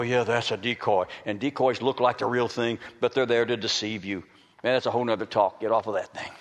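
Folksy preacher man in a big hall. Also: mid-range voice. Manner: folksy preaching, rises to loud emphatic bursts. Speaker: preacher and dog trainer. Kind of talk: sermon. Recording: long reverb of a large hall.

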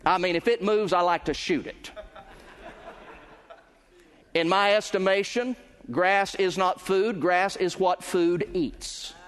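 Male pastor, emphatic pulpit delivery that climbs at climaxes and lingers on key words; high pitch, ringing hall. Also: steady tone, a little hiss or hum. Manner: emphatic preaching, swelling louder and higher at climaxes, slowing on key words. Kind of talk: sermon. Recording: long reverb of a large hall.

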